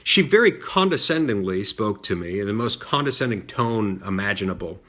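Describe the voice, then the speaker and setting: A middle-aged man telling a personal story in a measured way, with frequent fillers and restarts. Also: fairly low pitch, expressive, fairly bright tone. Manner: measured, many fillers and restarts, mimics voices in quotes. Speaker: senator recounting a childhood story. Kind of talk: storytelling monologue.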